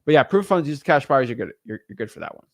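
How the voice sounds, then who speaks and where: Animated, blunt man teaching real estate. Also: medium pitch, rapid-fire, no room sound, studio quality. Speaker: real estate wholesaling coach. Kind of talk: casual instructional talk.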